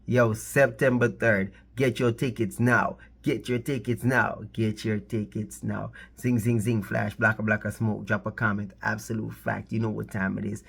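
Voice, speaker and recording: A man's voice: lowish voice, little pitch movement, normal speed, vocal fry, few pauses, fairly bright tone, breathy edge. A man hosting his own channel, giving casual, rambling commentary on the music scene, repeating himself and playfully pleading with viewers. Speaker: channel host.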